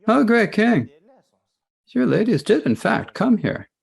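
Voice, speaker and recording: A man voicing a calm, courteous monk who answers a king plainly. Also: high voice, measured pace, vocal fry, slightly rough, voice pushed up, full character voice.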